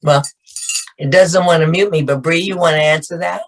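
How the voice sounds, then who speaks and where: Hosting a relaxed group video call, a grandmotherly older woman who serves as host and film matriarch asks questions with affectionate familiarity, calling everyone baby and darling. Her low voice moves at normal speed with fairly even intonation, and the recording is rough.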